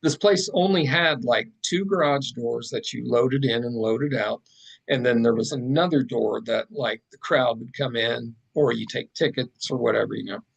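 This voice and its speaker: A man, a podcast guest and artist, telling a story in a casual, animated way with plenty of fillers and asides. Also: mid-range voice, normal speed, vocal fry, slightly rough, rough recording.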